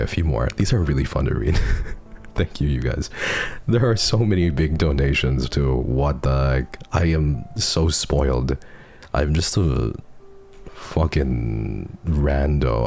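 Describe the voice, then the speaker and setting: A soft-spoken, earnest man chatting casually on a stream while reading messages, laughing often and getting teary. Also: very deep voice, creaky. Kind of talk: casual chat reading donations.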